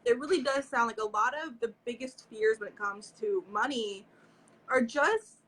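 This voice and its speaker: Female astrologer co-host, husky edge to a high voice, supportive and affirming. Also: moderate pace, fairly bright tone, poor audio. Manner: encouraging listener, frequent affirming murmurs. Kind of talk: casual chat.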